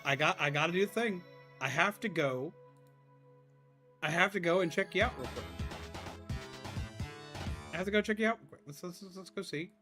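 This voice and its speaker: A male streamer chatting casually on a live stream, animated and swearing freely. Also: sits high, moderate pace, long pauses, over music.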